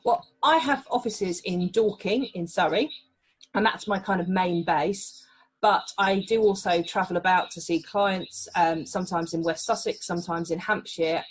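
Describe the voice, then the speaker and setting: A woman's voice: on the low side, moderate pace, husky, rough recording. A woman from England, a family mediator, explaining her work in a podcast interview in a reassuring way.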